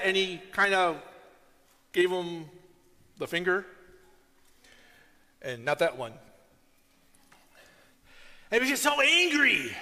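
Male pastor, high and bright, lively storyteller, long hall reverb. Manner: storytelling, animated with sudden loud outbursts. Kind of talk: sermon.

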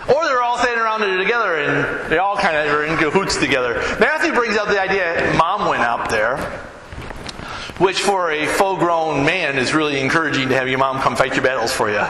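A high-voiced man preaches in a bright, forceful tone that carries through a big echoing hall. He keeps it conversational and keeps checking in with the listeners, with faint room noise around him. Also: animated, brisk. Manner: conversational, asks the listeners questions. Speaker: pastor. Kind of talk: sermon.

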